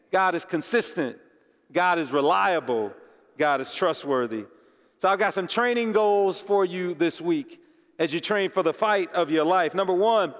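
A male pastor delivers a sermon with a fairly high voice, earnest and animated, slipping into casual asides. His voice rings out in a church sanctuary with a long, trailing reverb.

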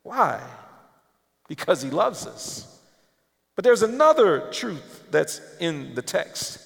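High-voiced pastor preaching in a reverberant hall. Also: male voice, very animated, slow, gravelly. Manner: dramatic, shifts between loud emphasis and hushed near-whispers. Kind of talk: sermon. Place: church auditorium.

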